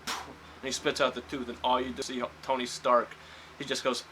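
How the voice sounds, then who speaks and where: Bright-voiced man rambling through a review. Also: mid-range voice, flat delivery, moderate pace, slight background noise, low-quality recording. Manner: rambling, heavy on fillers and restarts. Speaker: movie reviewer. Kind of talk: casual spoiler review.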